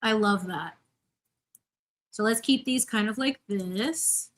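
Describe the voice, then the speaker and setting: She takes it slowly, her voice sitting at a medium pitch, as she bakes on a casual live stream from her home kitchen. The woman, in her thirties, is bubbly and effusive with her viewers and greets each one by name.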